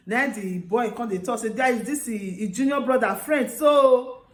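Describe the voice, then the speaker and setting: A woman with a Nigerian Pidgin accent telling a story casually to her viewers, lively, acting out the people she quotes and often laughing. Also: on the high side, normal speed. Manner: animated, acts out quoted voices with laughter. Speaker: vlogger. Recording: roomy echo.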